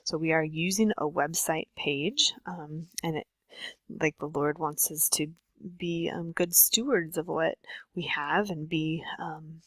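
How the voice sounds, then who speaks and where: A woman's voice: low-pitched, fairly bright tone, dry recording, rough recording. A woman teacher walking students through a computer task step by step, patient and instructive with frequent ums. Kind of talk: screen-share tutorial lesson.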